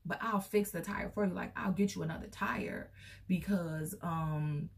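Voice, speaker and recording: A creepy, soft-spoken man murmurs in a low, hushed tone, as a woman puts him on while telling a story. The voice is gravelly and sits far from the mic. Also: a little slow. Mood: sly.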